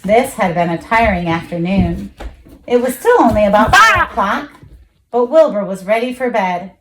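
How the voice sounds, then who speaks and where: A woman reading a children's storybook aloud, expressive, jumping high for the animal voices. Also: moderate pace, rough recording. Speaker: children's book reader.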